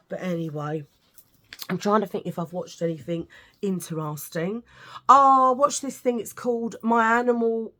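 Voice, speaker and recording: A woman's voice: mid-range voice, steady tone, unhurried, long pauses, sharp tone. A British woman vlogging, telling stories to camera in a chatty, ranting way with lots of asides. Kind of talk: casual storytelling to camera.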